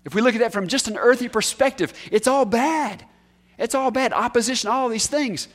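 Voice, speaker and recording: A man preaching a sermon, talking to his listeners and asking them questions, swinging between raised emphatic highs and hushed lows. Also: fairly quick. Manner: conversational, asks the listeners questions.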